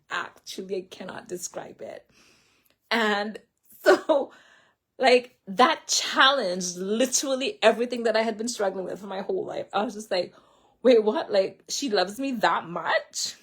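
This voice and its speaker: Her voice is medium in pitch, a bit bright, and husky. She's a vlogger seated indoors giving a casual testimony about faith and healing, rambling to the camera with fillers and frequent self-corrections.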